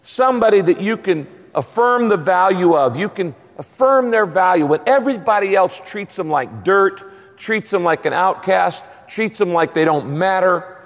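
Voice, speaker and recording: A man preaching a sermon as pastor, emphatic and animated. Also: sits high, in a large hall.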